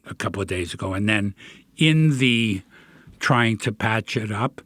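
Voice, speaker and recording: A man's voice: on the low side, lively intonation, a little slow, fairly bright tone, no room sound, studio quality. A middle-aged man hosting a podcast, musing in a reflective, self-deprecating way during casual chat. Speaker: podcast host.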